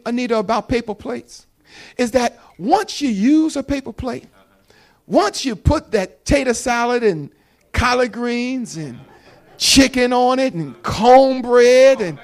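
A middle-aged man with a New Jersey accent preaching a sermon in church, talking fast and calling on the congregation to respond. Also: very high voice, lively intonation, poor audio. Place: church sanctuary.

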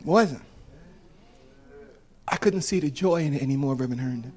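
A man in his fifties, a preacher giving a sermon that builds from quiet storytelling to shouted, tearful preaching. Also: mid-range voice, normal speed. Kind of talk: sermon testimony.

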